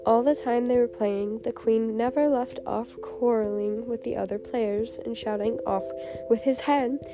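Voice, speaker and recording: A woman narrating a storybook in a measured, clear reading. Her voice is fairly high, and steady music plays behind it. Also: dull audio. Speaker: audiobook narrator. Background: background music.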